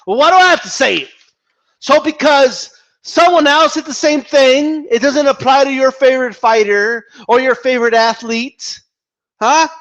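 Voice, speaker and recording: A man giving casual commentary on a vlog, animated and profane, rambling and restarting his sentences. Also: extremely high pitch, normal speed. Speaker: boxing commentator.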